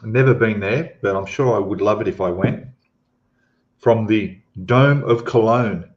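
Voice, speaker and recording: A middle-aged man hosts a casual live stream, rambling along at an unhurried pace. His voice sits a little low, and the sound is dull and lo-fi. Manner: chatty, rambling, greets viewers by name.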